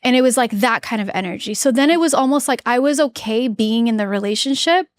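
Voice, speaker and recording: A woman in her thirties, a podcast guest telling a personal story in an earnest, halting way, with many fillers and restarts. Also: on the high side, no echo, studio quality. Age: 30s. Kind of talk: candid interview storytelling.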